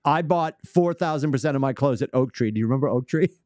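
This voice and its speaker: A man with a New England accent hosting a casual sports podcast, animated and teasing, laughing often. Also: medium pitch, quick pace, dry recording, clean studio sound. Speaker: podcast host.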